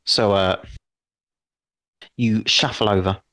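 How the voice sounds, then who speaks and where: A man running a tabletop game as game master, narrating slowly and deliberately. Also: fairly low pitch, steady tone, bright, forceful tone.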